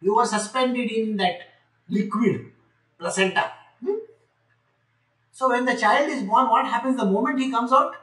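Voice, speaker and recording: A man's voice: extremely high pitch, unhurried, long pauses, fairly bright tone, far from the mic. A man explaining scripture to a live audience in a chatty way, often asking them questions. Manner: conversational, asks the audience questions, light jokes. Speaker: spiritual teacher. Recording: echoey room, speaker off-mic.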